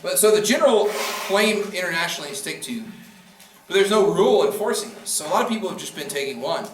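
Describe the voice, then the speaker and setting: A man's voice: high-pitched, expressive, fast talker, soft background music. A man giving a casual classroom lecture on debating, joking and acting out quoted speakers. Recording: echoey room from far off.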